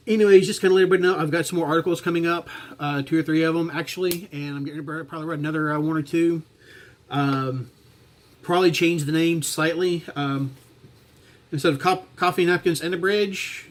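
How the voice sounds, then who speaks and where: A man talking to his camera in a reflective personal vlog, halting and heartfelt, with many restarts and fillers. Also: on the high side. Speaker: vlogger.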